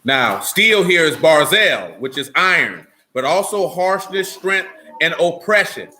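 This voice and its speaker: A man teaches scripture to a small gathering, stretching out key words slowly. His voice sits a little high and rings bright, and his manner is stern and scolding. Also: sing-song, slight background noise. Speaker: teacher of a small religious assembly. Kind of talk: scripture teaching with questions to listeners.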